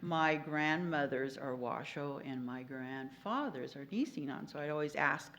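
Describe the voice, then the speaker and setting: An older woman speaking on a panel, soft-spoken and earnest. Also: low voice, moderate pace, hardly any pauses. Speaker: panelist, former tribal chairwoman. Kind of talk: panel discussion talk.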